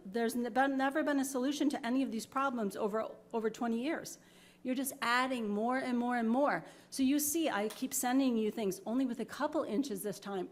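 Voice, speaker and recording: Upset woman resident at a podium. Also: fairly high pitch. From New York. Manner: upset, apologetic, insistent. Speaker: resident speaking at public comment. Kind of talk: emotional public comment. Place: town board meeting room.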